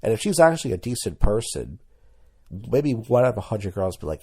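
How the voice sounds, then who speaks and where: A man's voice: on the low side, sing-song, a little fast, darkish tone, husky. A young adult man hosting a podcast, telling crude, rambling comedic stories and mimicking people he quotes. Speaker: podcast host. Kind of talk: comedic monologue.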